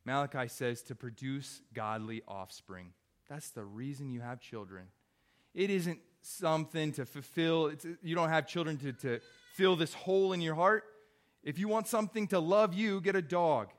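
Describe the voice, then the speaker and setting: A man's voice: a little high, normal speed. A young adult man, a pastor, preaching a sermon in an earnest, conversational way with wry asides.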